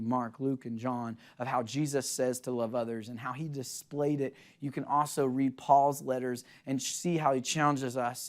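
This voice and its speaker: A young adult man, a pastor, preaches an earnest and animated sermon in a mid-range voice. As he tells stories, he acts out quotes in an excited voice.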